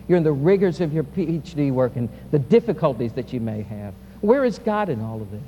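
A male pastor preaching a sermon, swinging from loud, impassioned peaks to quiet, soft passages. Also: on the high side, very animated, a little fast, dull audio. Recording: reverberant hall with faint hum.

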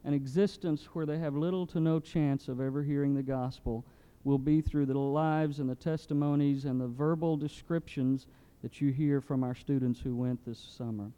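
A man acting as pastor, calmly introducing the speakers and asking the congregation to pray. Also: medium pitch, normal speed, few pauses, smooth. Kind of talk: sermon introduction. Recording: muffled church hall recording.

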